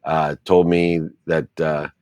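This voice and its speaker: A man's voice: rumbling low, level tone, takes it slowly, darkish tone, smooth, no echo. A middle-aged man, an interview guest, telling a personal story earnestly and repeating phrases for emphasis.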